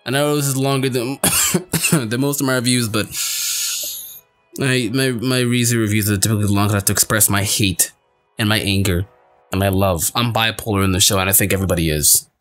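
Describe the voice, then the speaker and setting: A young man reviewing an anime in a casual video, excitable and swinging from loud, heated outbursts to low mutters. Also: brisk, long pauses, soft background music.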